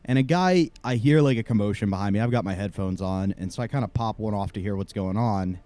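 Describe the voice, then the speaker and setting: A man co-hosting a podcast, telling a story in a casual, animated way and acting out the other people in it. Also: lowish voice, quick pace, faint music behind. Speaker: podcast co-host.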